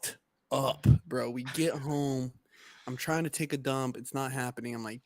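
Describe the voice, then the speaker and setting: A man's voice: mid-range voice, steady tone, moderate pace. A young man in casual podcast chat, slangy, calling everyone bro and fam.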